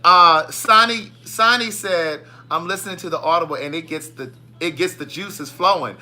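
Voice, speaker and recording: A man's voice: fairly high pitch, normal speed. A man hosting a casual live stream, greeting viewers by name in a playful, sassy way. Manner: playful, sassy, animated shout-outs. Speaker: livestream host.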